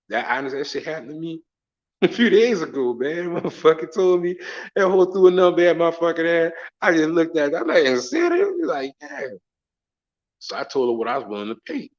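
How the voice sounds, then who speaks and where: A middle-aged travel vlogger from the Southern United States tells stories in a casual monologue, profane, slangy, and laughing. His fairly high voice is expressive and a little fast, with lo-fi sound.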